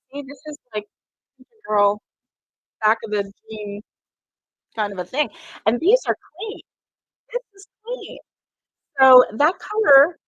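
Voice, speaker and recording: A woman's voice: fairly high pitch, fairly bright tone, no echo, muffled recording. A middle-aged woman telling a rambling story in a casual chat, full of fillers and quoted dialogue. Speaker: crochet vlogger.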